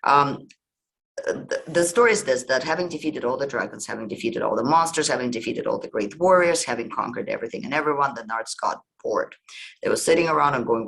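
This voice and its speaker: Gravelly man retelling myths casually. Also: mid-range voice, lively intonation, fairly quick, a bit bright, poor audio. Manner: conversational, meandering retelling. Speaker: podcast host. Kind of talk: casual storytelling.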